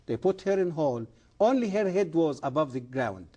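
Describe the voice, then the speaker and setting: On a TV interview, an Egyptian man in middle age gives testimony and preaches in earnest, halting English with non-native grammar. His voice is fairly high for a man, yet dark, mellow and expressive. He presses on key words with emphatic conviction.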